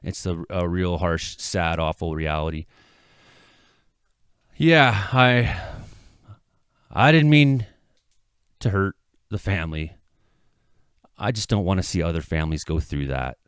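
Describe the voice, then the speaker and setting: Earnest low-voiced man, weather vlogger. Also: sing-song, fairly bright tone, clear, resonant tone, no room sound, studio quality. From Canada. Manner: earnest, halting, swears, rises to impassioned outbursts. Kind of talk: emotional apology monologue. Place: his home.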